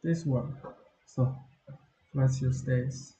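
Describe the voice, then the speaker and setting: A man's voice: medium pitch, fairly even intonation, extremely slow, dark tone, roomy sound, low-quality recording. A tired man with a Chinese accent, muttering in weary frustration during a casual screen-recording vlog.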